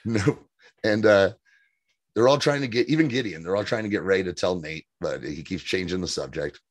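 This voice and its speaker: A man's voice: low voice, moderate pace, no room sound. A man co-hosting a TV recap podcast in a chatty, laughing manner. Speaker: podcast co-host. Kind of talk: casual TV recap chat.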